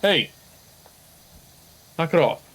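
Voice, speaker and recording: A man's voice: on the high side, animated, slow, a little hiss or hum. Man chatting and scolding his pets. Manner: scolds his pets between chat, firm then coaxing. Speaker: game stream co-player. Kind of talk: casual chat.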